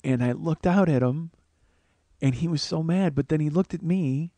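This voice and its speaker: A man's voice: a little high, normal speed, dry recording. A man in his forties, a comedian and podcast host, telling a personal story in a casual, profane way. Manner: profane, conversational, animated quotes.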